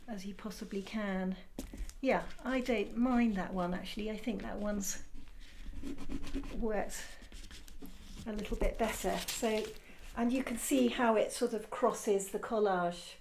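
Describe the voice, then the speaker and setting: A woman's voice: mid-range voice, darkish tone, slight background noise. A woman art teacher giving a casual, rambling demonstration lesson, encouraging and often correcting herself.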